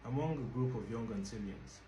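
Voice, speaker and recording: A man from Nigeria gives a spoken book review, explaining in a measured, reflective way. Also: mid-range voice, warm tone. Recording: echoey room with faint noise.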